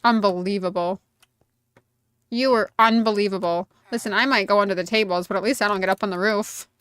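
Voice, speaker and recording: A woman's voice: medium pitch, steady tone, brisk, fairly bright tone, clean tone, no room sound. A woman game streamer chatting casually and self-mockingly while playing, talking to the characters on screen. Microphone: desk USB microphone.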